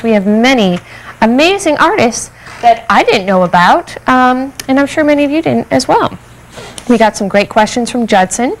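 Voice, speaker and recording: A woman's voice: high voice, poor audio. A woman hosting a museum education program, upbeat and affirming, asking a guest questions. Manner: upbeat, affirming with frequent mm-hmms.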